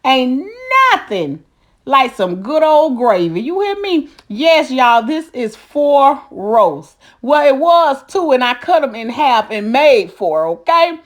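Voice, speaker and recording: A woman's voice: high-pitched, very animated, slow. A middle-aged woman hosting a casual cooking vlog, folksy and chatty, calling her viewers honey and baby. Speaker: cooking channel host.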